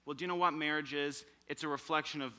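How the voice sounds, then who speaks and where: Young man, bright sharp voice, fairly high, church sermon, animated storytelling. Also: fast. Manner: animated storytelling with acted quotes. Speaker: preacher.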